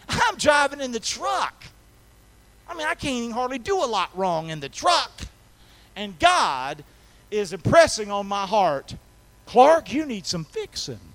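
A man preaching a folksy sermon, calling for responses and swinging from soft talk to shouting. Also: high voice, low-quality recording. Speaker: pastor. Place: church sanctuary.

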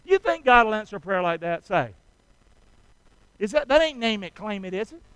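A man's voice: high-pitched, very animated, moderate pace, a bit bright, clean tone, dry recording, rough recording. A man preaching a sermon, passionately leading his congregation to repeat prayers after him in call and response. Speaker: pastor.

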